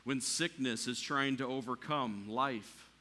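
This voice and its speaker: A man preaching a sermon in a church, climbing to near shouting at the peaks and dropping quiet for the calm lines. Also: mid-range voice, unhurried. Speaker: pastor.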